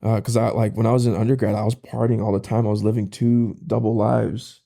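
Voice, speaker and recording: Young man, podcast guest, casual slang, low-pitched, heavy vocal fry, emotional storytelling. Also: flat delivery, warm tone. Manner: casual, uses slang like "bro"; emotional, halting retelling. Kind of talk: personal storytelling.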